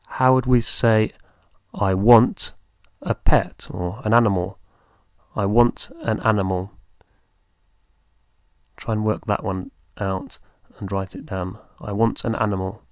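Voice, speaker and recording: Guy teaching beginners, slow and patient, lowish voice, dry close sound. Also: steady tone, no room sound. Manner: patient, repeats and spells words out. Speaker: language teacher. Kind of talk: beginner language lesson.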